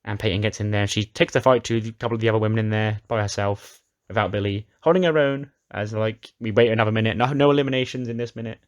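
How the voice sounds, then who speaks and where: A man's voice: lowish voice, steady tone, fast, few pauses. A man casually recapping a wrestling simulation game, chatty and often restarting his sentences. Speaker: game commentator.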